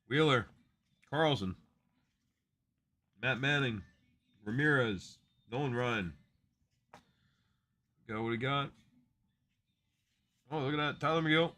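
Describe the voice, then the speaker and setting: A man's voice: medium pitch, unhurried, long pauses, bright, forceful tone. A man hosting a live card break stream, chatting casually and rattling off player names as he opens packs.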